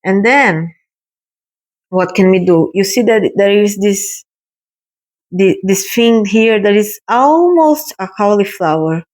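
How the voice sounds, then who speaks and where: A woman talks a viewer through her watercolor work at an unhurried pace. Her pitch sits in an ordinary middle range. She sounds encouraging and chatty, thinking aloud as she paints. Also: expressive, darkish tone, poor audio. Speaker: watercolor artist hosting a painting video. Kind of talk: casual painting tutorial.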